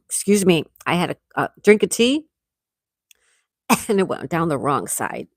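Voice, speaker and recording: A middle-aged woman hosting a casual livestream, reading viewers' comments aloud and chatting back warmly. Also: mid-range voice, sing-song, measured pace, long pauses, dry recording, studio quality. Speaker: livestream host reading chat. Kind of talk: casual live chat.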